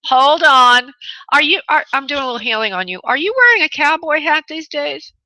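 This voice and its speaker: A woman's voice: sits high, very animated, fairly quick, pushed and bright, no echo, low-quality recording. A woman hosting a call-in radio show as a spirit medium, chatty and affectionate, laughing often.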